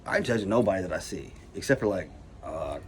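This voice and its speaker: A man's voice: low voice, lively intonation, quick pace, darkish tone. A man ranting casually to his camera about anxiety, swearing a lot and filling with "like" and "you know.". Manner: profane, rambling, says "like" and "you know" constantly. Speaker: vlogger. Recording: noisy background hiss.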